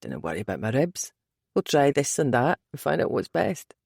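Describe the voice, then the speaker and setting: A woman voicing a low Scottish rogue. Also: huge pitch swings, a little fast, creaky, a little mellow, no echo, clean studio sound, full character voice. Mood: tender. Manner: low, teasing, murmuring. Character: gruff tender Scottish male lover.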